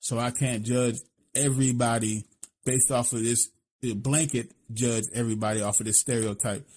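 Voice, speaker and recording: A man's voice: medium pitch, steady tone, moderate pace, a little mellow. A man from Philadelphia with a Philly accent, co-hosting a podcast in blunt, profane casual talk, constantly asking "you know what I'm saying". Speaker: podcast co-host.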